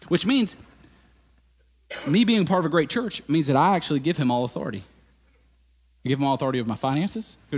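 Impassioned preacher in a reverberant hall. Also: male voice, on the high side, animated, fast talker, breathy edge. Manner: impassioned, rising to loud emphatic peaks and dropping to quiet; conversational preaching with casual fillers. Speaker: lead pastor. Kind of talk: sermon. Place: church sanctuary.

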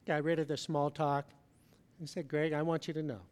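A middle-aged man preaching a sermon, telling a personal story with swings between loud emphasis and soft, hushed moments. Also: a little high, level tone, moderate pace, big-room sound. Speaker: pastor. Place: large church hall.

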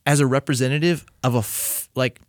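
Animated man talking in a dry room. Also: mid-range voice, brisk, dry recording. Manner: animated, repeats words while thinking aloud. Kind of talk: casual faith podcast chat.

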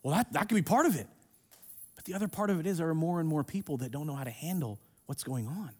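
A man preaching a sermon in a church, emphatic and swinging between hushed and loud. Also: fairly high pitch, animated, fast talker, husky. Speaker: pastor. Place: church sanctuary, streamed online.

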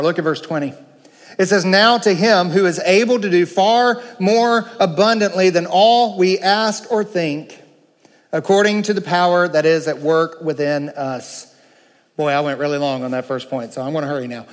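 A man preaching a sermon, emphatic, moving between slow, low passages and raised, urgent ones. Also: steady tone, in a large hall.

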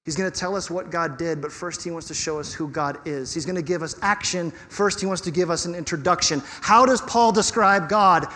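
A pastor preaching a sermon in an animated, conversational way with touches of humor. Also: male voice, on the high side, a little fast, few pauses, in a large hall.

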